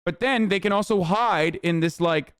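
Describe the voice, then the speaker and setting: A man's voice: high-pitched, moderate pace, a bit bright, clean tone, dry recording, studio quality. A man streaming to his chat, ranting angrily about politics with lots of swearing and sarcasm. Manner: profane, heated, sarcastic. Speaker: streamer reacting to news. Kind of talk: angry political rant to chat.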